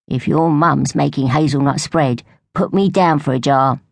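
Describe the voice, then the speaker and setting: A woman voicing a kindly old male squirrel grandfather with a cosy, lively manner. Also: sits low, moderate pace, gravelly, no echo.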